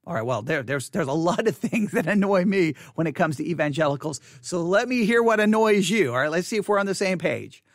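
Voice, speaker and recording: A middle-aged American pastor talks straight into a close podcast mic, his voice pitched high for a man. He comments bluntly on a listener's email and sounds plainly exasperated. The room is dead dry, with no echo at all. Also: expressive, a little fast, hardly any pauses. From United States.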